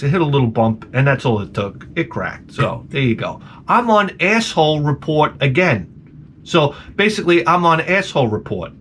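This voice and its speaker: A man's voice: a little high, fairly bright tone, slight background noise. A man telling a comic rant about a bad day, exasperated, profane and self-mocking. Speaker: comedy vlogger.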